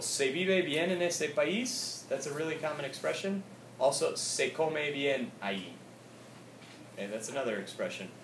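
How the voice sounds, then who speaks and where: A man's voice: lowish voice, recorded from a distance. A male teacher giving a casual classroom grammar lesson, mixing English and Spanish and checking in with "okay?" again and again. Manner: casual, repeats "okay?" often, switches between English and Spanish. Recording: echoey room recorded from afar, with noise.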